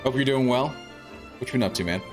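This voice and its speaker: A man's voice: medium pitch, fast, music in the background. A man streaming a video game, chatting casually with his viewers and rambling, with lots of fillers and restarts. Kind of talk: casual gaming commentary.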